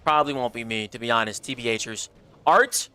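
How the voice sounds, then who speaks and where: A man's voice: medium pitch, quick pace, clear, resonant tone. A young man hosting a casual livestream, chatting in slang, reading viewer messages aloud and answering them with big swings in energy. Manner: animated, slangy, reads chat aloud. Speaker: streamer.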